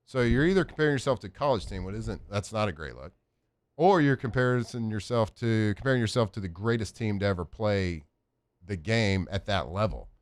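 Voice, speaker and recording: A man's voice: on the low side, no echo. A man hosting a sports radio show, talking casually and animatedly with lots of fillers, in a studio. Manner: animated, rambling with many fillers.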